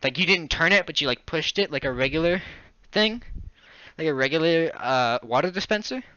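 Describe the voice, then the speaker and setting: A young man hosting a podcast, telling a story in casual chat, animated and laughing often. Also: a little high, moderate pace, smooth, dry recording, muffled recording. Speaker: podcast host.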